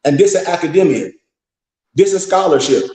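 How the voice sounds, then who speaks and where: A man's voice: on the high side, lively intonation, moderate pace, warm tone. A man lecturing a group in a blunt, scolding, profane way, full of rhetorical questions. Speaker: teacher addressing a group. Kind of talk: preaching lecture. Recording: echoey room.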